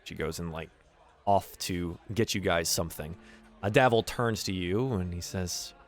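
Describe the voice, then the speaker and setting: A man's voice: sits low, moderate pace. A man narrating a tabletop game as game master, casual and loose with many filler words.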